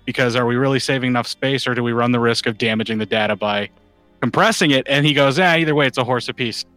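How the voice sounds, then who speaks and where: Bright-voiced man telling a story. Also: medium pitch, fast talker, dry recording, soft background music. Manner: animated storyteller, swears freely. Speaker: podcast host. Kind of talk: casual chat.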